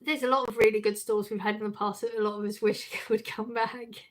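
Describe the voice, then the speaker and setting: A middle-aged woman hosts a casual live stream, talking fairly quickly in a mid-range, level voice. She chats with her viewers, reads their messages aloud, and laughs often.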